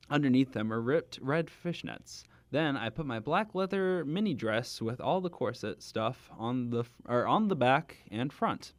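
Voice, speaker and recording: A young man with a slightly high voice hosts a comedic read-through of fan fiction, giggling, stumbling over names, and adding chatty asides. The recording has no room sound.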